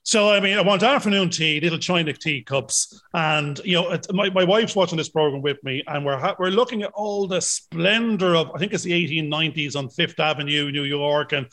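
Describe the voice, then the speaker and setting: A man's voice: fairly high pitch, fairly quick, hardly any pauses, fairly bright tone. A man in his fifties, co-hosting a casual chat, rambling and self-deprecating. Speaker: podcast co-host.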